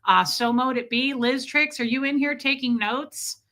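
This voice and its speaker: A high-pitched, bright voice with a forceful tone, at a moderate pace, comes from a young woman hosting a livestream. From the Midwest and speaking with a Midwestern American accent, she chats casually, rambles, and answers her viewers' comments.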